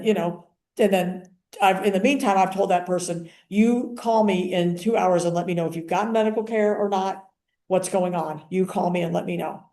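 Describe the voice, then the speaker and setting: A woman's voice: on the low side, warm tone, echoey room. An older woman giving a casual spoken training, chatty and acting out the conversations she describes. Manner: chatty, acts out quoted conversations. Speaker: activist and paralegal giving a training.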